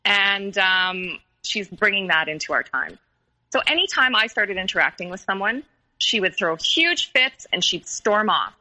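Woman guest, personal storytelling; earnest, halting, bright tone. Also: mid-range voice, animated, rough recording. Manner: earnest and halting, many pauses and restarts. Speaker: podcast guest.

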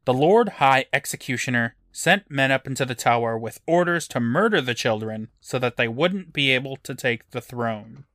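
A man in the middle range of pitch recaps a television episode for a podcast, laying out the plot in a dry, matter-of-fact way. His voice is recorded close and dry, with no room sound around it. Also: animated, moderate pace, few pauses, fairly bright tone, no room sound. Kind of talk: casual recap narration.

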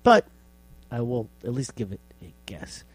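Male podcast co-host, lively pitch swings, dry mic, casual and self-mocking. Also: a little slow, husky, no echo. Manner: lively storyteller, self-deprecating.

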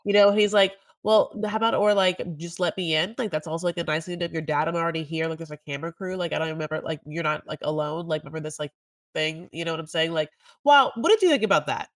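A woman's voice: deep voice, fast talker, no echo. A woman co-hosting a casual podcast, rambling with lots of "like" as she recaps a reality show. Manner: rambling, heavy use of "like". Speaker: podcast co-host.

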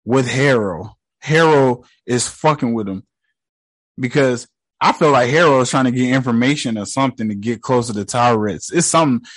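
A man casually recapping a TV episode in slangy, profane, excitable speech. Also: mid-range voice, normal speed, dry recording. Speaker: show reactor.

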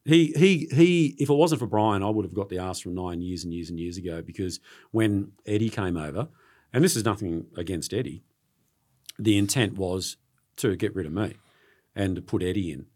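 A middle-aged Australian man, a sports journalist being interviewed, telling stories in an earnest, halting way and often repeating words. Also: sits low, darkish tone. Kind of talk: casual interview storytelling.

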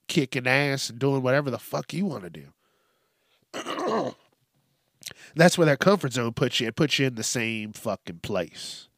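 A man's voice: medium pitch, no echo, studio quality. A man hosting a solo podcast, joking and cursing often as he talks through listener questions. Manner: profane, joking, laughs often. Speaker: podcast host.

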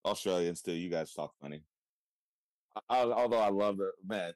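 A man from California with a Californian accent, chatting casually in a relaxed way, swearing and laughing a lot. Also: deep voice, moderate pace, dry recording. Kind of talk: casual chat.

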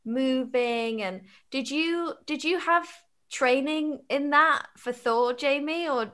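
A woman hosting an interview, asking questions with gushing, excitable enthusiasm. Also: high-pitched, takes it slowly. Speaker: interviewer, podcast host and cast member. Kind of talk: casual interview chat.

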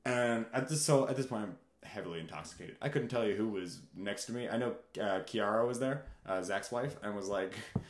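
A man guesting on a podcast, telling stories in a lively, laughing casual chat. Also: lowish voice, a little fast, roomy sound. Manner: animated, laughing, shouts out catchphrases.

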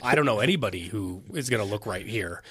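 Fast-talking chatty podcast guy. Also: fairly low pitch, lively intonation, a bit bright. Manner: quick, chatty, chimes in often. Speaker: podcast co-host. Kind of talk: casual chat.

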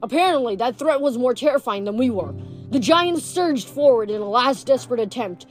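A woman's voice: fairly high pitch, a little fast, faint music behind. Woman reading a novel aloud. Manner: steady reading with small slips and self-corrections. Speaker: reader.

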